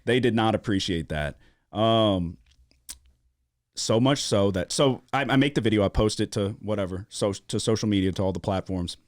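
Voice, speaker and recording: A man from Louisiana hosting a sports-betting podcast, telling a story in casual chat with a lot of swearing and animated emphasis. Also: fairly low pitch, moderate pace, no room sound, studio quality. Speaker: podcast host. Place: studio.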